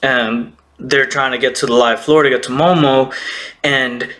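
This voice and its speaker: A man casually recapping an anime episode, excitable, laughing often and acting out characters' lines. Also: medium pitch, measured pace.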